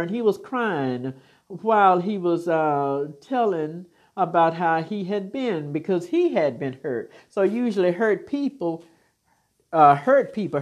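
A woman's voice: fairly low pitch, a little mellow. Fervent older woman giving blessings. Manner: preachy, repetitive, fervent with blessings. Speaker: spiritual encourager. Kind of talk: inspirational spoken message.

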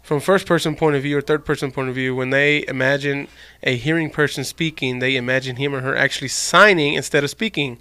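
A middle-aged American man hosting a casual chat, loud, laughing and profane. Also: medium pitch, steady tone, brisk, few pauses, clean tone, no room sound. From United States.

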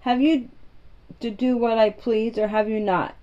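A woman's voice: a little high, fairly even intonation, a little slow, highs cut off, close to an everyday voice. A woman doing a bossy, sickly young boy. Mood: imperious. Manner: bossy, demanding questions. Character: imperious sickly young boy, bedridden and commanding.

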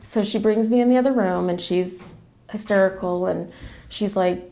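A woman's voice: medium pitch, steady tone, moderate pace, creaky, a little mellow. A woman telling a personal family story in a casual, emotional, rambling way with many restarts. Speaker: guest sharing a family story.

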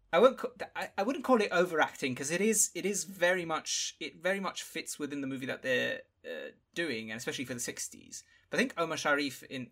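Gravelly, bright-voiced man talking through a film. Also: medium pitch. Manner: thoughtful, searching for words. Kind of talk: casual film discussion.

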